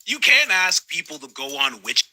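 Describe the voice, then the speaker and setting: Brief: lively male commentator, very bright husky voice, slips into mocking impressions. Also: on the high side, normal speed, poor audio. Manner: animated, laughing, mocking. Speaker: online commentator.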